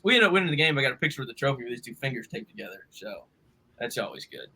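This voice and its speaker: A man, a podcast host, telling a story in casual chat with animated delivery. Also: medium pitch, rapid-fire, breathy edge.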